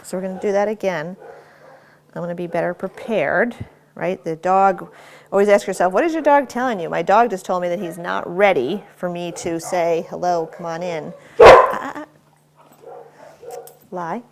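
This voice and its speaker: A woman's voice: fairly low pitch, normal speed, noisy background. A woman dog trainer working with a dog inside a house, explaining her method to viewers between short, firm commands to the dog. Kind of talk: instructional dog training demonstration.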